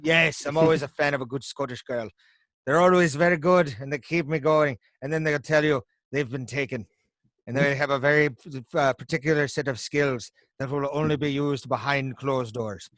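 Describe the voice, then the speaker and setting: A man's voice: fairly high pitch, moderate pace, a bit bright, no room sound. A man co-hosting a podcast, chatting casually with playful jokes and hype. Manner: joking, playful hype with goofy asides. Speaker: podcast co-host. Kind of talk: casual chat.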